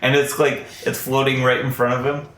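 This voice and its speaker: A man narrating as game master of a tabletop game, in a relaxed manner that breaks into laughter. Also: mid-range voice, normal speed, reverberant.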